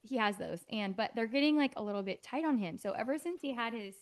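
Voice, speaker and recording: A woman's voice: a little high, animated, fast talker. A woman in her thirties, co-hosting a podcast in a casual chat, telling stories with lots of fillers. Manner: chatty, storytelling with many fillers. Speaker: podcast co-host.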